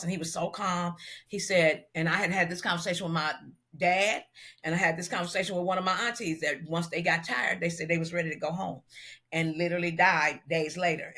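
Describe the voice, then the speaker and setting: A middle-aged woman from Los Angeles tells a long personal story as an interview guest. Her voice comes across bright and forceful, and she acts out the voices of the people in it. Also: fairly low pitch. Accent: Southern California African American Vernacular. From Los Angeles, USA. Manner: animated storyteller who acts out quoted dialogue. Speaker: guest, celebrity hairstylist.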